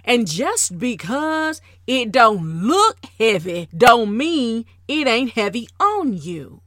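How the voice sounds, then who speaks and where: A woman hosting a casual monologue, emphatic and deliberate, repeating words to drive her point home. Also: fairly high pitch, big pitch swings, a bit bright, no room sound, clean studio sound. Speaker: podcast host.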